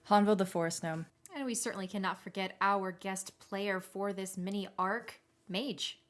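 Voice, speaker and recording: A woman narrating and running a tabletop role-playing game as game master, telling the story in an animated way. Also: medium pitch, moderate pace.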